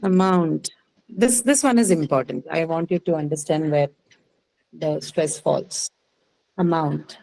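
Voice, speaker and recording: A woman teaching word stress to a class, repeating each word slowly and quizzing her students patiently. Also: low voice, animated, gravelly, dark tone, dry recording, low-quality recording. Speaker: English teacher.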